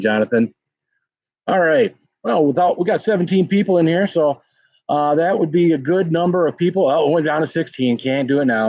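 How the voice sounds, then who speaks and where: A man's voice: medium pitch, a little mellow, breathy edge, no echo. A man hosting a casual pepper-tasting livestream, rambling and greeting viewers in chat by name. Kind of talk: casual live-stream chat. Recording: dull lo-fi sound.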